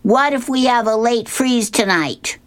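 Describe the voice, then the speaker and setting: A woman's voice: fairly high pitch, a little slow, voice pushed up, close to an everyday voice. A woman voicing a bossy young girl who reads out a comic strip on the radio. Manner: demanding.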